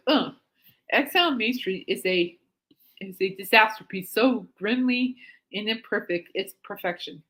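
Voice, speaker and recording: A woman's voice: mid-range voice, fairly bright tone, a little hiss or hum. A woman hosting a casual podcast, reading music articles aloud and adding amused, giggly comments, snorting when she laughs. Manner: reads aloud then comments with amused asides. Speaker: podcast host.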